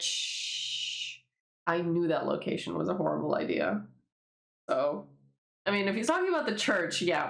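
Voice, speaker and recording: A woman with a lowish voice rambles through loose, swear-filled commentary on her own comic. Her pitch swings widely as she talks. The sound carries the echo of an untreated room. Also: vocal fry. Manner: rambling, swears freely, lively and laughing. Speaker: webtoon creator reading her own comic. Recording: echoey room.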